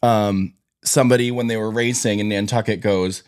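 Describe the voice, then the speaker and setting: A young man tells stories in a playful, animated way. He co-hosts a relaxed podcast chat, recorded dry and close to the mic. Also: fairly low pitch, moderate pace, no echo. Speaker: co-host.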